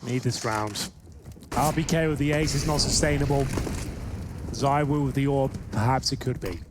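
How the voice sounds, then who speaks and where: A man's voice: mid-range voice, normal speed, background noise. A man giving color commentary on an esports match, chatty and full of fillers. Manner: chatty, filler-heavy analysis. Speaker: esports analyst. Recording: broadcast with gunfire behind.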